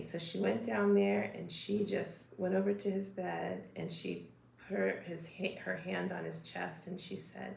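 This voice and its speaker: A woman co-hosting a podcast, telling a personal story in soft-spoken conversation. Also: on the low side, animated, a little slow, gravelly, echoey room, a little hiss or hum. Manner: soft-spoken, quotes people as she tells it. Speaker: podcast co-host.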